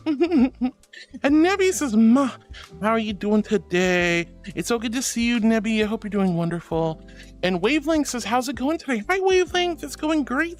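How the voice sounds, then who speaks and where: Bubbly woman streamer with lively pitch. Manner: affectionate, giggly, calls viewers sweetie and darling. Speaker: streamer reading chat. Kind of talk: casual stream chat.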